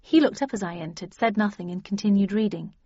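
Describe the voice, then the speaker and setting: A woman narrating a story in an even, wry first-person reading. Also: medium pitch, fast, breathy edge, no echo. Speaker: audiobook narrator. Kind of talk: scripted narration. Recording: dull dry lo-fi audio.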